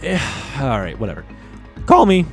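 A man's voice: on the high side, huge pitch swings, moderate pace, soft background music. A man hosting a comedy show, reading odd news stories and adding sarcastic, rambling and crude asides. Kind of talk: comic news commentary.

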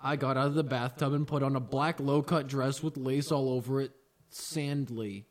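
A man reading aloud in a comedic dramatic reading, mostly deadpan, with wry asides. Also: mid-range voice, normal speed.

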